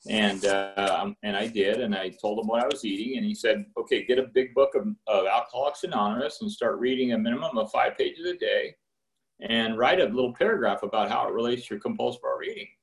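A man's voice: fairly quick, vocal fry. A middle-aged man giving a candid, rambling personal testimony at a recovery meeting, with restarts along the way. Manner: candid and rambling, with restarts, acting out phone calls in higher voices. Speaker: speaker sharing at a recovery meeting.

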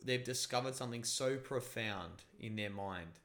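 Man, casual chat, animated, storyteller. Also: medium pitch, normal speed. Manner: animated storyteller, acts out voices.

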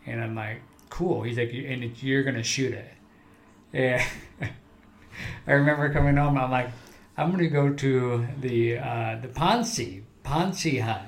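Chill guy podcasting, average pitch, laughs a lot while he talks, says like constantly. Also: unhurried. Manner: easygoing, laughs while talking, lots of "like". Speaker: podcast co-host. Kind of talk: casual chat.

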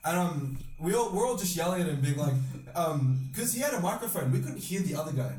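A young man hosting a podcast, telling a long rambling story with lots of swearing and loudly acted-out quotes. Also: fairly high pitch, lively intonation, brisk. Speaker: podcast host. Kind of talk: casual storytelling chat. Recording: echoey room, distant mic.

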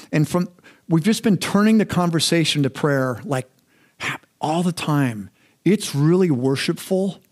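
Casting note: middle-aged man, pastor, slightly higher voice, casual and candid delivery with frequent restarts. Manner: conversational, self-deprecating, repeats words when restarting. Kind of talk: sermon.

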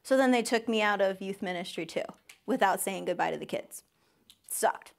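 A young woman sharing a personal testimony with a church congregation. She is emotional, near tears at times, and acts out the voices she quotes with big leaps in pitch. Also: moderate pace, vocal fry. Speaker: speaker at a church service.

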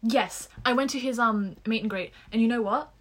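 A young woman co-hosting a podcast, telling stories excitedly and swearing casually. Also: on the high side, moderate pace. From Australia. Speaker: podcast co-host. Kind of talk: casual chat.

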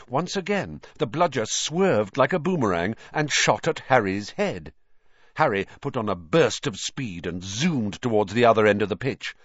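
Guy reading a storybook aloud, lively ups and downs, dull dry sound. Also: mid-range voice, dry recording. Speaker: audiobook reader. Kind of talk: storybook narration.

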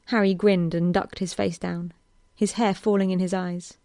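A woman reading a romance story aloud in a slow, even narration. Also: on the low side, no echo, clean studio sound. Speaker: reader. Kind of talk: reading fan fiction aloud.

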